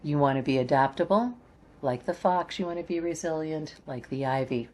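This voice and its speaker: Low-voiced woman giving gentle spiritual guidance. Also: normal speed. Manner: encouraging, coaxing, repeats phrases. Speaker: oracle card reader. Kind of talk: spiritual guidance talk to viewers.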